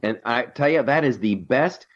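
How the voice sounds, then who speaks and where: A man's voice: mid-range voice, normal speed. Guy hosting talk radio, jokey and blunt, kinda muffled sound, mid voice. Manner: animated, jokey, blunt opinions. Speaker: radio show host. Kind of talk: casual political talk radio banter.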